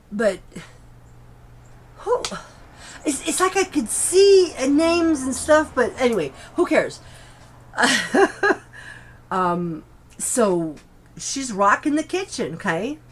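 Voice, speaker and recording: A woman's voice: mid-range voice, a little hiss or hum. A woman from Chicago telling a personal story in a casual, rambling way, with chatty asides like "okay?" and frequent restarts. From Chicago, USA.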